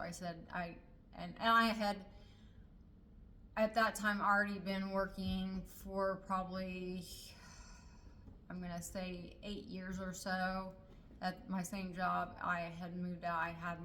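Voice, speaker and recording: A woman's voice: lowish voice, sharp tone, a little hiss or hum, rough recording. A middle-aged woman telling a personal family story in a casual way, hesitating often with fillers and restarts.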